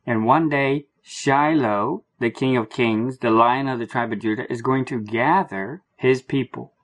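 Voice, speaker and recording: Husky earnest male preacher. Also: mid-range voice. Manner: earnest, slow and emphatic, repeating phrases. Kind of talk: prophetic Bible teaching.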